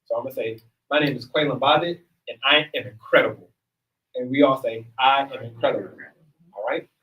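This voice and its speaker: A man's voice: medium pitch, brisk, dull audio. A man facilitating a workshop, leading a room of people through affirmations in an upbeat, encouraging, casual way. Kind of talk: leading group affirmations and exercises. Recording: picked up from a distance.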